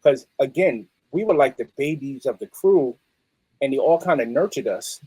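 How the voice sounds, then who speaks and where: A middle-aged man, a musician guest telling stories in a streetwise, animated way. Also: medium pitch, moderate pace, husky, dry recording, poor audio. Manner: animated, streetwise, peppered with "you know what I mean". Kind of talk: casual interview storytelling.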